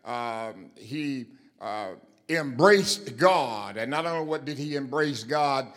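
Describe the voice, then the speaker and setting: Male preacher, slow and deliberate, fills pauses with "uh", builds to emphatic repeated lines. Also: medium pitch, expressive, a bit bright. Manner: slow and halting with many fillers, rising to emphatic declarations; repeats key phrases for emphasis. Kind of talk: sermon.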